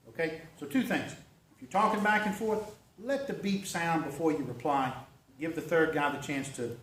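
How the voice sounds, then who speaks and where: Man presenter, high voice, folksy how-to talk to a club, caught from across an echoey room. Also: slight background noise. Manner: folksy, conversational, checks in with "okay?" and "right?". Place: meeting room. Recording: echoey room recorded from far off.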